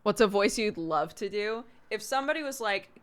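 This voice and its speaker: A woman's voice: medium pitch, animated, moderate pace, hardly any pauses, smooth. A woman who streams and voice-acts, chatting casually with her viewers and laughing often. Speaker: streamer and voice actor. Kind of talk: casual chat answering chat.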